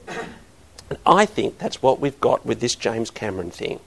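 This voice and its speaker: A man's voice: medium pitch, very animated, measured pace, vocal fry, slight background noise. A middle-aged man preaching a sermon, earnest and building to emphatic bursts.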